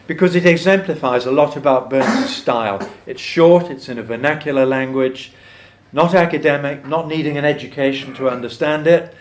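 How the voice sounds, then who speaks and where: Before a live folk club audience, a man explains a poet's life, dropping in dry jokes along the way, then reads a poem aloud. His voice leans high and keeps a moderate pace.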